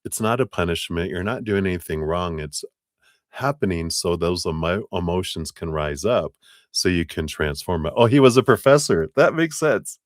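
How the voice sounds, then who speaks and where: A man's voice: low-pitched, lively intonation, normal speed, no echo, studio quality. A man giving a live tarot reading, chatty and rambling, often breaking into laughter. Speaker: tarot reader.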